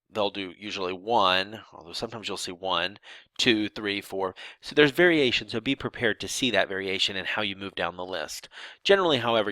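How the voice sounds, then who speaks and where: Bright-voiced man explaining grammar. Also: lowish voice, no echo. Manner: explanatory, restarts and "um" fillers, acted example sentences. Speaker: sign language instructor.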